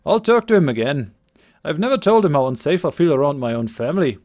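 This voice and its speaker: A man's voice: fairly high pitch, lively intonation, fast talker, a little mellow, close to an everyday voice. A man voicing a young male apprentice with an overdone put-on Scottish accent, talking anxiously and earnestly.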